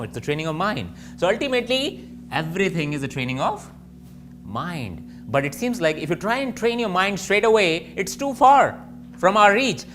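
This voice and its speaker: A man teaching yoga, reflective, asking and answering his own questions. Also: fairly high pitch. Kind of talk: spoken yoga lesson.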